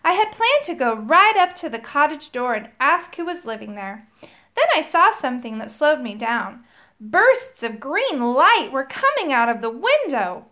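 A woman reading a children's story aloud, telling it in the first person with an expressive storyteller's lilt. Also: high voice, moderate pace. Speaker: storybook reader.

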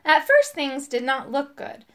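A woman reading a children's storybook aloud, expressive and animated. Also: sits high, measured pace. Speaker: audiobook reader.

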